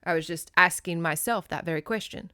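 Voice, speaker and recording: A woman voicing a domineering grown man from a romance novel. He barks his demands loudly and keeps up the pressure, with a bright, sharp tone. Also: on the low side, brisk, dry recording, studio quality, pitched below the performer's own voice. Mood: angry demanding. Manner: demanding, loud and confrontational.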